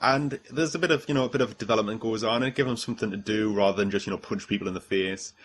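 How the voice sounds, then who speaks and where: A man's voice: fairly low pitch, quick pace, slight background noise. A man from the UK hosting a casual film review chat, rambling with lots of fillers and swearing freely. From United Kingdom. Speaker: film review podcast host.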